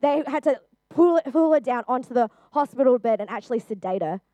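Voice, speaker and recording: A woman's voice: a little high, expressive, fairly quick, warm tone, no echo. A young woman giving a personal testimony to a group, speaking earnestly and chattily with frequent fillers. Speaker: youth speaker.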